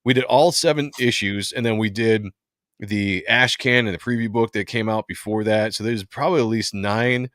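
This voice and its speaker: Low-voiced relaxed man hosting a comic stream. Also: moderate pace, no echo, studio quality. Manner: relaxed, chatty, reads comic lines aloud. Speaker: host. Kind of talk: casual comic book livestream chat.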